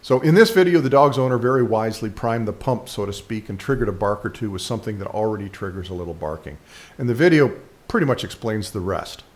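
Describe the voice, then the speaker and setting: A man's voice: fairly low pitch, animated, fast. A man hosting a dog training video, explaining a trick in a rambling voice-over with frequent fillers and restarts.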